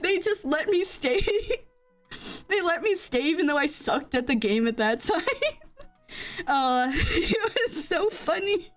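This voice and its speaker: Giggly high-voiced young woman streamer. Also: animated, a little slow, soft background music. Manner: giggly, rambling storyteller. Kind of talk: casual chat stream. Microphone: desk microphone.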